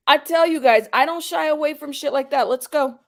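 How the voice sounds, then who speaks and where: Woman, high voice, livestream host, heated, confrontational, calling out her chat. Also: vocal fry.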